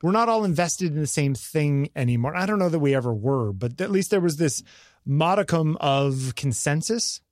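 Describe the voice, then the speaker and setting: A man's voice: fairly high pitch, normal speed, no echo, studio quality. A married man co-hosting a podcast, chatting casually and acting out the people in his story. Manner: animated storytelling, acts out quotes. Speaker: podcast co-host. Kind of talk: casual conversation.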